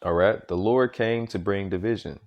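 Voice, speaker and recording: Man, informal preacher, emphatic, repetitive, fairly low voice, reads scripture aloud. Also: moderate pace, lo-fi sound. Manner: emphatic, punctuates with "man" and "okay?"; repetitive, restarts sentences often.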